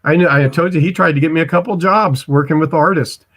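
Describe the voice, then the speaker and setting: A man's voice: a little high, fast, a bit bright. A man in his forties from Missouri, telling casual stories as a guest, rambling with restarts and stammers. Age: 40s. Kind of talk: casual storytelling.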